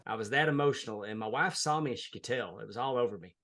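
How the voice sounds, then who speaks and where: A man's voice: medium pitch, quick pace, fairly bright tone. A man, a wrestling referee, telling a heartfelt story in a casual interview. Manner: earnest, heartfelt, plain-spoken.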